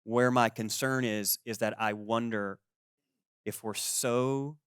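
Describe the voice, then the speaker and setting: A man in his forties preaching a sermon as pastor, conversational and lively, acting out the people he quotes. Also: medium pitch, slow, smooth, no echo, clean studio sound. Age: 40s. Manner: conversational, animated, acts out quoted voices.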